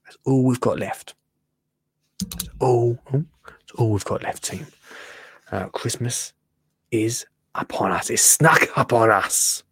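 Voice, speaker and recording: Man, livestream host, casual and chatty, muttering asides, dry close sound, mid-pitched voice. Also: takes it slowly, pauses often, fairly bright tone, slightly rough, dry recording. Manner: chatty, laughs often, mutters and trails off while using the computer. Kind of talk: casual live-stream chat.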